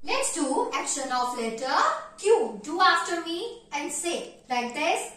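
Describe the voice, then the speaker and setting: A woman's voice: sits high, expressive, takes it slowly, fairly bright tone, very echoey. A woman teaching a nursery English lesson to young kids, stretching out letter sounds in a sing-song way. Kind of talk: online children's lesson.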